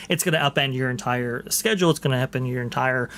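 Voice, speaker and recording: A man's voice: medium pitch, fast talker, a bit bright, a little hiss or hum. Podcast guy reading posts out and riffing, lots of uhs and "right here". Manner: chatty, many fillers, repeats "right here". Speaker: podcast host. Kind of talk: casual chat reading viewer posts.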